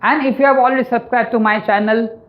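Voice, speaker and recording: A woman's voice: a little high, fairly even intonation, quick pace, phone-quality sound. A woman teaching an online grammar lesson, explaining step by step and often checking in with "right?". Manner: explanatory, tags lines with "right?". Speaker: English teacher.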